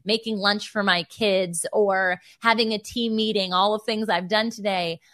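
A woman in her thirties hosting a faith podcast, telling a personal story in an animated, emotional way. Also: mid-range voice, moderate pace, dry recording, studio quality. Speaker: podcast host. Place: Virginia Beach.

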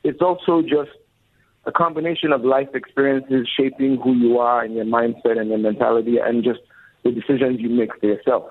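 A record label co-founder in his forties speaks as a guest in a casual interview, earnest and reflective. His medium-pitched voice is husky, brisk, and fairly even. The lo-fi audio sounds dull, with faint music behind him.

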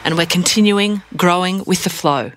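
A woman reading a scripted show introduction as the program announcer in a smooth read. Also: on the low side, moderate pace. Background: music bed.

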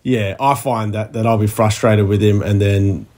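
A man with a fairly low voice, co-hosting a relaxed podcast. He speaks in an easygoing, thoughtful way. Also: normal speed. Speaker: podcast co-host. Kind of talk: casual podcast chat.

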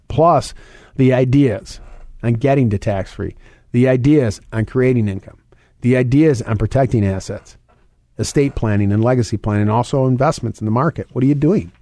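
A middle-aged man hosting a financial radio show, talking quickly and conversationally and repeating his key points. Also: mid-range voice, mellow, no room sound. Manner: fast, conversational, repeats points and phone numbers. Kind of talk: radio talk segment.

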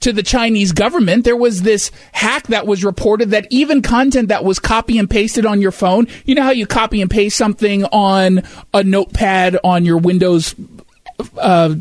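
A male talk show host with a very high voice, recorded bone-dry and close. He comments on the news in a sarcastic, mocking way and keeps a running commentary going. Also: normal speed, dry recording.

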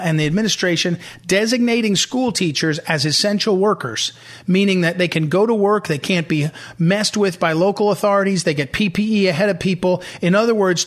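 A middle-aged man hosts a political talk radio show, pressing his points emphatically and repeating them again and again. His voice is high-pitched with a fairly bright tone.

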